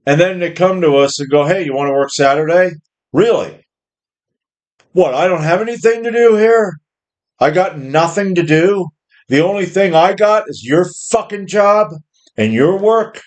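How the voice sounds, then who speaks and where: A man's voice: high-pitched, lively intonation, measured pace. A middle-aged man ranting angrily about his job and the system, profane and rambling. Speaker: worker ranting about jobs. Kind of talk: angry monologue rant.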